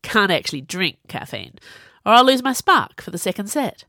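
A woman's voice: mid-range voice, very animated, moderate pace, pushed and bright, dry recording, clean studio sound. Woman voicing an easygoing cocky young drummer guy. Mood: teasing. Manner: easygoing, teasing.

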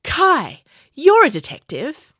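A woman voicing a bold, self-assured young princess who talks briskly, recorded on a close mic. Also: sits high, wildly swooping pitch, fairly bright tone, no echo, pitched above the performer's own voice, heavily acted. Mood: excited. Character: bold, bossy young princess, spirited and teasing.

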